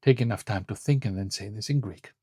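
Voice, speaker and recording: A man teaching a beginner Greek lesson online, saying model phrases clearly and slowly and setting short quizzes. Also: on the low side, background noise. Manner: clear, slow model phrases with quiz prompts.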